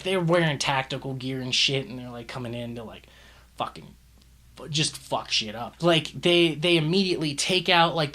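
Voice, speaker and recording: A man's voice: fairly high pitch, bright, forceful tone. A man giving a casual, profane movie review, exasperated and ranting, swearing often.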